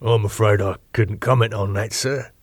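A man voicing a polite, heavy-set male bodyguard in his late thirties who answers courteously and evasively, trailing soft on each "sir". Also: fairly low pitch, steady tone, moderate pace, slightly rough, no room sound, studio quality.

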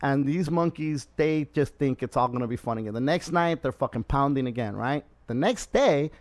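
A man's voice: mid-range voice, moderate pace, no echo. A man hosting a podcast, telling a story in casual chat, swearing constantly and acting out what people said. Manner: profane, animated storyteller, acts out quotes. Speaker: podcast host.

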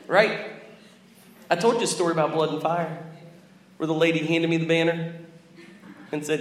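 Animated preacher in an echoey hall. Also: male voice, a little high, moderate pace, pauses often. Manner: animated, jokey, acts out voices. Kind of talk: sermon storytelling. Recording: echoey hall with faint room noise.

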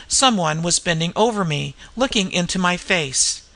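A reader with a gravelly, bright-edged voice narrates an old-fashioned mystery. The delivery is measured and even, in the manner of a classic audiobook. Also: medium pitch. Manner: measured storytelling with character voices.

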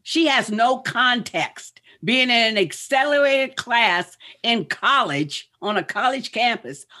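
A woman's voice: on the high side, expressive, slow pace, sharp tone. A woman in a casual chat reviewing a show, blunt and profane, ranting in exasperation.

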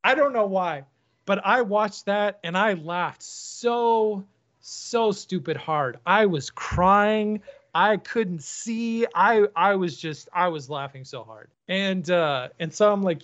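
A man's voice: high-pitched, slow pace, fairly bright tone, highs cut off. A man hosting a podcast who tells stories in a casual, rambling way and often laughs. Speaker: podcast host. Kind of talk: casual chat.

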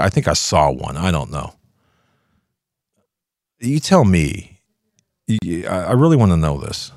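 An older male host delivering heated commentary in a very deep voice. His pitch leaps wildly, from low mutters to high shouts. The sound is dry and close, with no room echo. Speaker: talk show host. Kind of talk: opinionated commentary.

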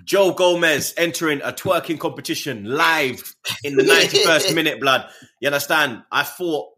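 A man's voice: fairly high pitch, moderate pace. A young man, chatting about football with slang and jokes. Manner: animated, slangy, jokes and does voices. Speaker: football podcast co-host. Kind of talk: casual chat.

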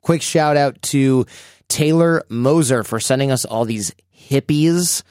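A man's voice: mid-range voice, measured pace, darkish tone, clear, resonant tone, dry recording, clean studio sound. A man hosting a podcast, chatting casually and telling stories animatedly. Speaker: podcast host.

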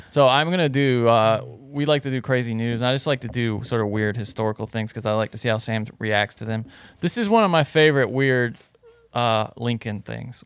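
A man's voice: mid-range voice, vocal fry, smooth. A man co-hosting a podcast in casual chat, laughing along and teasing dryly. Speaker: podcast co-host.

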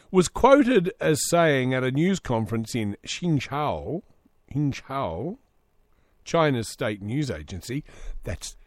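A man's voice: medium pitch, darkish tone, no echo, studio quality. A man hosting a solo comedy podcast, reading news aloud with sarcastic asides. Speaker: podcast host.

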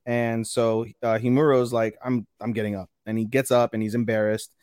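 A man's voice: mid-range voice, flat delivery, normal speed, darkish tone, clear, resonant tone, no room sound. Guy rambling thru an anime recap, tripping on names, dry close sound. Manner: rambling, stumbles on names, swears casually. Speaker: podcast co-host. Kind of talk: casual anime recap chat.

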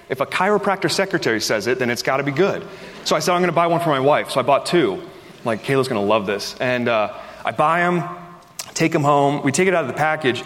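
A man's voice: mid-range voice, a bit bright. A man, a pastor, preaching a sermon and opening with a chatty personal story in which he acts out the voices he quotes. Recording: long hall reverb.

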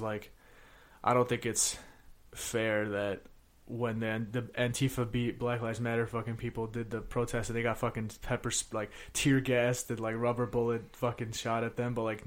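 A young American man co-hosting a casual podcast, rambling and swearing, with a lot of "bro" and "like". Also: medium pitch. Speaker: podcast co-host.

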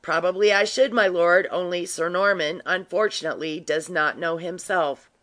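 Grave gentleman with quiet malice, dry delivery, voiced by the narrator. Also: mid-range voice, fairly even intonation, normal speed, lightly acted. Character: grave, quietly sly gentleman Ormiston, man. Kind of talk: audiobook reading.

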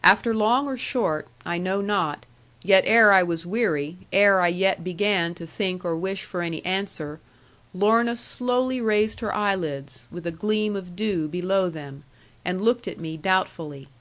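A woman reads an old novel aloud in the first person, steady and earnest. Her voice sits at a middle pitch for a woman, neither high nor low. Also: unhurried. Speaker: audiobook reader.

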